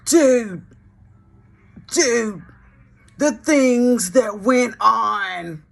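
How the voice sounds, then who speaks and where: A woman voicing a shocked, wide-eyed man who drags his words out slowly in a dazed way. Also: on the high side, creaky, exaggerated voice. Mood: stunned. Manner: slow, drawn-out, dazed telling. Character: stunned wide-eyed man, a church sound tech.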